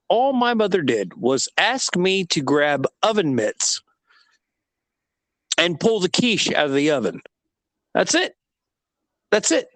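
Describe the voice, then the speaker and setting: Man in his 30s, unhurried storyteller, pitch swings widely, dry close sound. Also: no room sound. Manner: animated storyteller who laughs at himself. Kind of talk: casual storytelling conversation.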